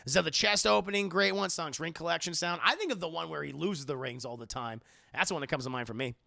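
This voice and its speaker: A man chatting casually on a livestream, swearing freely and loudly imitating game lines. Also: on the high side, fast, creaky, no echo, studio quality. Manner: profane, animated, quoting game lines in loud voices. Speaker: streamer answering viewer questions.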